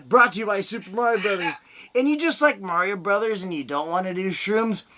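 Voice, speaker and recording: A man's voice: high voice, expressive, a little fast, bright, forceful tone. A young man doing a stand-up set over a video call, rambling through crude stories. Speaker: stand-up comedian.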